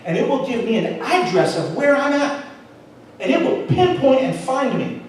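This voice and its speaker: A man preaching to his congregation, his fairly high voice rising into loud emphasis and dropping into soft asides. He stands off the mic, so the sound is distant and washed in heavy church-hall echo. A faint hum of room noise sits underneath. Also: moderate pace. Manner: storytelling, animated, shifts between loud emphasis and soft asides. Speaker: pastor. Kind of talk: sermon. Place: church auditorium.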